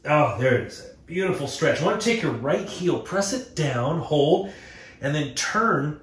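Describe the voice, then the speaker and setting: This yoga instructor has a fairly high, somewhat bright voice with lively intonation, and he takes his time. He playfully guides a class through breathing and poses, slipping in jokes, in an echoey indoor room set before a green screen.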